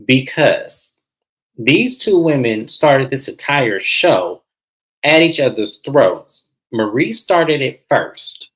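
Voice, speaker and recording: A man's voice: medium pitch, expressive, slow, rough recording. Man host, casual reality TV recap, chatty and dramatic, talks to viewers like friends.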